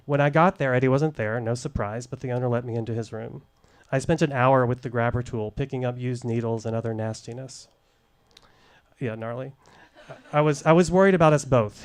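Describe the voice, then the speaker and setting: Man, middle-aged, live stage storyteller, wry, deliberate, mid-range voice. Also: medium pitch, clean tone. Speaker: storyteller, former case manager.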